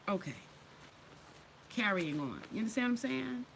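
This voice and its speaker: Blunt, bright-voiced woman talking off the cuff. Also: mid-range voice, sing-song, normal speed, creaky, pauses often, slight background noise, poor audio. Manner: blunt and profane, laughs often, acts out quoted voices. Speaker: host. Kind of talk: casual unscripted monologue.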